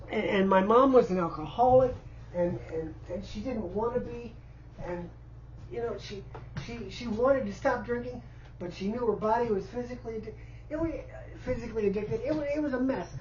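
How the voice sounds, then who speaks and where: A man's voice: high voice, normal speed, pauses often, lo-fi sound, a little hiss or hum. A man in his fifties from Indiana, stammering and repeating words as he pleads for help indoors in a cluttered house. He sounds distressed and overwhelmed. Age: 50s. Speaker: vlogger asking for help. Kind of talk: unscripted personal appeal.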